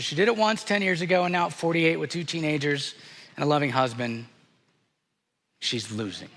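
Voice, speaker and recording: A pastor delivering a sermon in a church, speaking in an earnest, reflective way and dropping softly at the hard moments. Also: male voice, a little high. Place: church sanctuary. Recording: church sanctuary with long reverb.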